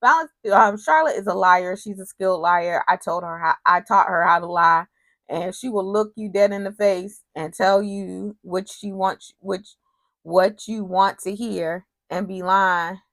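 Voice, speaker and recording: A woman's voice: mid-range voice, unhurried, a bit bright, no room sound. A woman casually recapping a TV soap episode, retelling scenes with quoted lines and personal asides.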